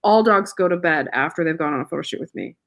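A woman's voice: low voice, expressive, fast. A woman guest, a pet photographer, chatting casually in an interview, laughing often and trailing off mid-sentence.

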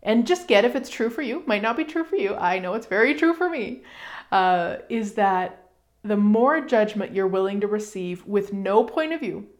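A middle-aged woman hosting a casual self-help talk, chatty and animated, with fillers and emphatic asides. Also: mid-range voice, normal speed. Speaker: podcast host.

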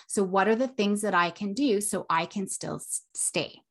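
A woman's voice: mid-range voice, normal speed, few pauses, fairly bright tone. A woman hosting an educational podcast, teaching parents emotion skills and acting out children's lines, often asking "right?". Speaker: podcast host and child therapist.

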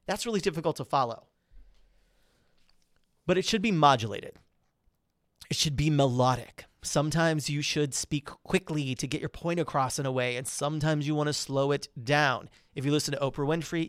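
A man hosting a podcast, giving quick, energetic coaching tips on presenting with melodic, well-placed pauses. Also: fairly high pitch, no room sound, clean studio sound. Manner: melodic, modulated emphasis. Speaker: podcast host.

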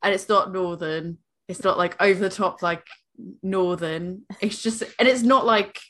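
A woman's voice: medium pitch, measured pace, fairly bright tone. A young American woman with a New England accent, co-hosting a casual beer podcast and rambling with lots of fillers and restarts. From United States. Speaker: podcast co-host. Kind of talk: casual chat.

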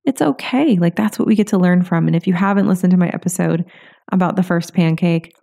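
A woman's voice: on the low side, fairly quick, creaky, mellow. A woman hosting a solo podcast as a coach, talking in a loose, encouraging way with lots of "you know" and "like".

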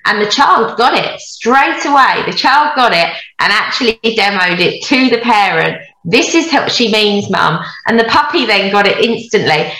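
A woman's voice: a little high, lively intonation, moderate pace, hardly any pauses, pushed and bright, reverberant, low-quality recording. A woman dog trainer speaking earnestly and with enthusiasm in a casual panel chat.

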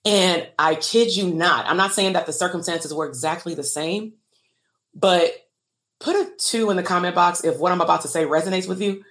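On a livestream, a woman who works as a therapist and business coach talks casually, candidly and emotionally to viewers and asks them to comment. Her voice is lowish and a bit bright, at normal speed.

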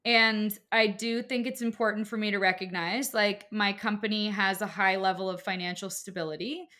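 A woman's voice: medium pitch, fairly even intonation, normal speed, sharp tone. A woman in her thirties who runs a business, talking casually and emphatically with lots of filler words. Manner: chatty, frequent "like" fillers, emphatic. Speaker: business owner and course creator. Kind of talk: casual podcast conversation.

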